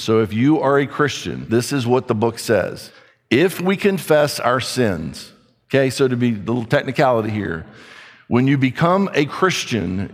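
A man's voice: mid-range voice, long reverb tail. A man preaching a sermon in an emphatic, conversational way, asking rhetorical questions.

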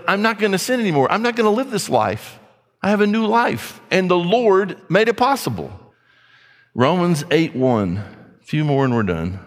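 A man's voice: a little high, long reverb tail. A man preaching a sermon in an emphatic, conversational way, asking rhetorical questions.

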